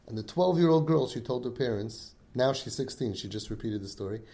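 Emphatic man a dark voice. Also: mid-range voice, animated, fairly quick. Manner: emphatic, acts out children's pleas, mixes in Yiddish and Hebrew words. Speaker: group leader speaking to siblings. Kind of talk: impassioned talk to a support group.

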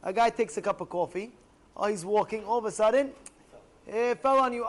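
A man's voice: sits high, fairly quick. A young man teaching a religious lesson to a class, telling stories animatedly and often asking his listeners rhetorical questions. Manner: animated storyteller who acts out angry outbursts.

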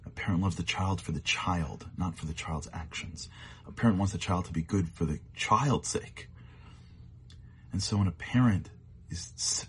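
A man giving a short, earnest sermon as a storyteller, sometimes dropping to hushed tones for emphasis. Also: low voice, slight background noise.

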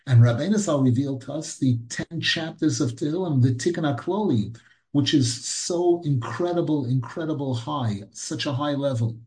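A man teaching a Torah class as a rabbi, mixing Hebrew terms into English and rising to high, emphatic questions when he quotes. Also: moderate pace, a little mellow, rough recording. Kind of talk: animated Torah lecture.

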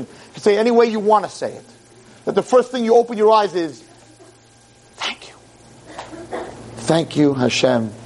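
A man giving an animated sermon to a live audience, acting out voices and swinging between loud exclamations and quiet, tender lines. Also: high-pitched, slight background noise, poor audio. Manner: expressive, acts out voices, swings from loud exclamations to soft talk. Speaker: rabbi lecturer.

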